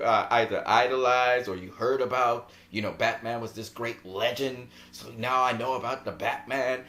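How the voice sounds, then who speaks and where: Guy rambling about a movie, laughs a lot, voice jumps up and down. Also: medium pitch. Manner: animated, laughs often, rambling. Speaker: movie vlogger. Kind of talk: casual film commentary.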